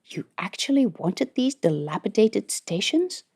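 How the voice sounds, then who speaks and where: A woman's voice: medium pitch, big pitch swings, unhurried, a little mellow, breathy edge, heavily acted. Woman reading as a flustered male scientist. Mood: earnest. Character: flustered young male space biologist.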